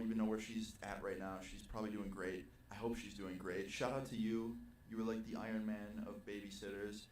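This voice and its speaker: A young man telling a personal party story in a casual, animated, profane storytime vlog. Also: on the low side. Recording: roomy, distant video playback with faint noise.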